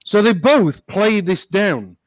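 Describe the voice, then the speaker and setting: A man's voice: high-pitched, animated, slow, dry recording, rough recording. A man co-hosting a casual chat, telling rambling anecdotes and chuckling often. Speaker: co-host.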